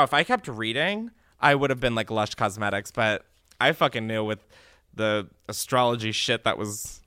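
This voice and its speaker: Animated, sarcastic young man. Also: mid-range voice, smooth, no echo, studio quality. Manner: animated, sarcastic, swearing, laughing often. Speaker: podcast host. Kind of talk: casual comedic chat, reading reviews aloud.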